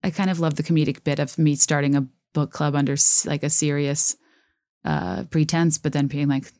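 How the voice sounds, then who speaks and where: A woman's voice: deep voice, steady tone, normal speed, warm tone, dry recording, clean studio sound. Chatty self-mocking woman podcaster. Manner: chatty, self-mocking, many fillers and restarts. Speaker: podcast host. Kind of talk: casual solo podcast rambling.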